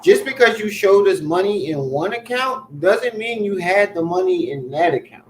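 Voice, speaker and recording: A fairly high-voiced man hosting a reaction commentary, his pitch swinging widely as he mocks and argues back at the clips. His voice rings off an echoey room. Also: moderate pace, slight background noise. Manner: mocking, animated, talks back at clips. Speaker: commentary host.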